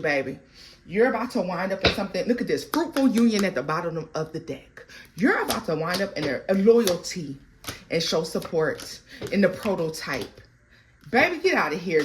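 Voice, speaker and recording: A woman giving a tarot card reading in a blunt, profane way, swinging between loud outbursts and quiet murmurs. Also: on the low side, slight background noise, poor audio. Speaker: tarot reader.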